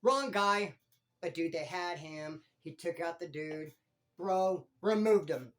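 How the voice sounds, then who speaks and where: A former prisoner hosting his own channel, telling stories in animated street slang. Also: a little high, takes it slowly. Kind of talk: casual storytelling vlog.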